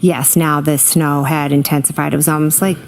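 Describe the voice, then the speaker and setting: A middle-aged woman gives courtroom testimony in a deep, gravelly voice. She hesitates often, filling gaps with ums, and keeps her answers short, with a faint hiss under her speech. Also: flat delivery, normal speed. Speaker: trial witness.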